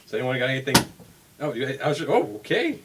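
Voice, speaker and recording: Animated young man telling stories. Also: mid-range voice, fast, distant mic, background noise. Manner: animated storyteller who acts out people he quotes. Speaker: podcast host. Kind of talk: casual chat among friends.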